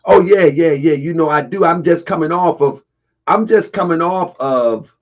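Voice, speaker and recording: A man hosting a casual livestream, husky and getting over a cold, talking to viewers, laughing often and answering chat comments. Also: a little high, normal speed, muffled recording. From Baltimore area. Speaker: livestream host.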